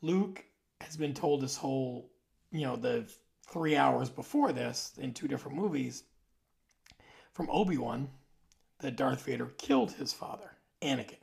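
Very gravelly rambling vlogger. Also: medium pitch, animated, unhurried, darkish tone. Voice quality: very gravelly, creaky voice. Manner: rambling, loose, trails off and corrects himself. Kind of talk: casual rambling monologue to camera.

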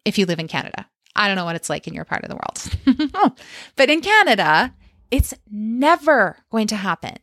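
A woman's voice: medium pitch, fairly bright tone, dry recording, studio quality. A woman life coach talking straight to listeners on her solo podcast, direct and encouraging, often checking in with "okay?" and "right?". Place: lives in Canada.

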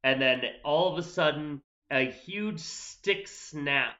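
A man runs a tabletop game in a casual way, stopping often on fillers. His voice is bright and a bit tense. The recording sounds dull and lo-fi. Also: fairly high pitch, takes it slowly. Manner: casual, hesitant, with many fillers. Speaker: game master.

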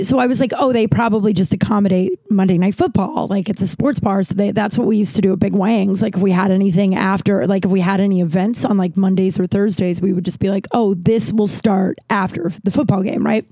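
A young woman comedian and podcast host telling a rambling story in casual chat, full of fillers, swearing and animated quoting. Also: medium pitch, no room sound. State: breathing trouble.

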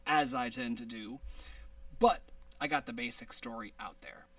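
A man's voice: medium pitch, recorded from a distance, crowd noise. A man hosting a podcast over a video call, rambling casually and laughing at himself. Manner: rambling, self-deprecating, quick to laugh. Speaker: podcast host.

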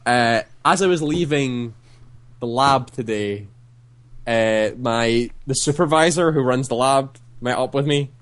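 A man's voice: mid-range voice, unhurried. Brief: young male co-host, rambling casual storyteller who swears and acts out quotes. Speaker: podcast co-host. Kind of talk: casual chat.

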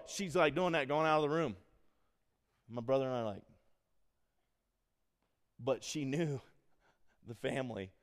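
A middle-aged man preaching a sermon, mixing scripture with animated personal stories that he laughs at. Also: mid-range voice, a little slow, long pauses. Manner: animated storytelling, laughs at his own stories. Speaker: pastor. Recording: long hall reverb.

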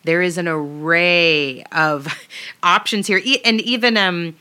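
Bright, teasing woman co-host who laughs easily. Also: on the low side, slow, smooth. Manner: playful, teasing, laughs a lot. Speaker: podcast co-host. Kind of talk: casual chat.

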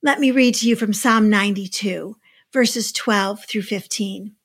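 A woman giving a devotional talk, telling a personal story in an expressive, emphatic way. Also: mid-range voice, unhurried, husky. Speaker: devotional speaker. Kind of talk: sermon storytelling.

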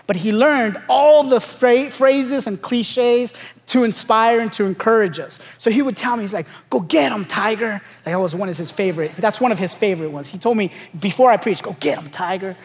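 A man's voice: high-pitched, a little fast. A young adult man from Los Angeles, a pastor preaching a sermon, telling stories and building to emphatic calls to the congregation. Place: large church auditorium. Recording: long hall reverb.

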